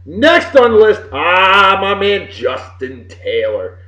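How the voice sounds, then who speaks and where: A middle-aged man hosting a web show from home, giving casual birthday shout-outs in a boisterous, folksy, wisecracking way with some swearing. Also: high voice, big pitch swings, takes it slowly. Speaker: show host. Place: home room with computer behind him. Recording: roomy, dull lo-fi webcam audio.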